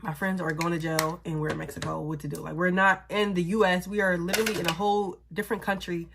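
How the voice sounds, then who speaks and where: A woman, a mother, telling a story in a casual, animated and blunt way, swearing freely. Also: lowish voice, fast, vocal fry, background noise.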